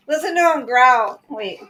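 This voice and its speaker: A woman's voice: sits high, sharp tone. An older woman hosting a casual live stream, talking playfully to her dog and laughing often.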